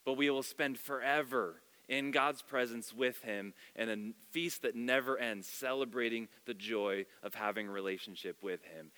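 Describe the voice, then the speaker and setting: Expressive male pastor with a bright voice. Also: medium pitch, normal speed, few pauses, clear, resonant tone. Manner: expressive storytelling, shifting loud and soft. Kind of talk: sermon. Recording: long hall reverb.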